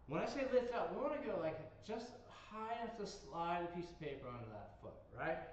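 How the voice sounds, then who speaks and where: A man coaching a workout from a distance in a very echoey room, his voice a touch high for a man. He counts out holds and gives cues while doing the moves himself, a little out of breath. The sound is dull, with a faint hiss underneath. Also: animated, fairly quick. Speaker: fitness instructor. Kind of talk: guided workout instruction.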